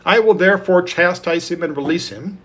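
A man's voice: high-pitched, a little fast, a bit bright, slightly rough. A man reading as a troubled Roman governor. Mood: earnest. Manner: earnest read-aloud questioning.

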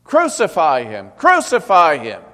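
Angry mob shouting, read by a man, long reverb in a large hall. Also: mid-range voice, a little slow, natural voice. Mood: furious shouting. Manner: shouting, demanding. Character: crowd of priests and people, enraged.

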